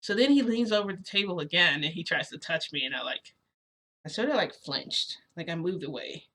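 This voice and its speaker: A woman's voice: on the low side, lively intonation, a little fast, a bit bright. A woman telling a story in a casual vlog, rambling and earnest, full of fillers and restarts. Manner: earnest, a little agitated.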